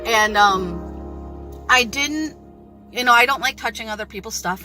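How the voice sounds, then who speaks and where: A woman's voice: mid-range voice, sharp tone. A woman vlogger telling a store story in a casual, earnest, exasperated rant to camera.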